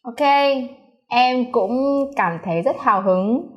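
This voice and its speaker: A woman's voice: fairly high pitch, animated, a little slow, dull audio. A woman introducing a language lesson in a friendly, upbeat way before handing over. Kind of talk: casual introduction.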